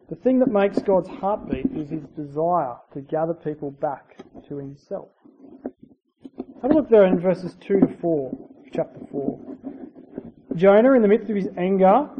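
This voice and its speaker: Preacher with a chatty sermon style. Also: medium pitch. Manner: conversational, with asides and rhetorical tag questions; swings between loud emphasis and quiet, dropped endings. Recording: dull lo-fi recording with faint hiss.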